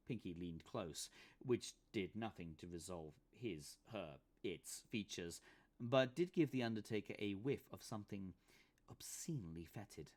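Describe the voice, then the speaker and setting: A man's voice: lowish voice, expressive, measured pace. A man, the author, reading his comic novel aloud with dramatic, playful storytelling. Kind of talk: expressive book reading.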